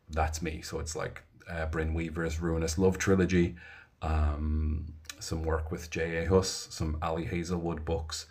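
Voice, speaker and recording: Irish man, low voice, husky, rambling live-stream chat, reads comments out loud. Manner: rambling and chatty, reads viewers' comments aloud. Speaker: audiobook narrator and live streamer.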